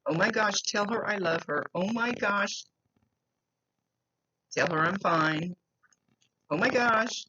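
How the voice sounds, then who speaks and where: A woman putting on the voice of an excited spirit woman who talks like a valley girl, gushing and giddy. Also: high-pitched, takes it slowly, gravelly, hardly any pauses, pitched above the performer's own voice, heavily acted. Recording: lo-fi with faint noise.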